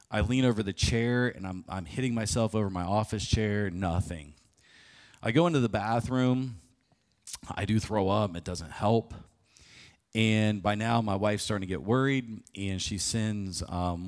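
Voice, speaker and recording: A man preaching a sermon, telling a personal story vividly and often restarting his phrases. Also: fairly low pitch. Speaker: pastor. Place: church sanctuary.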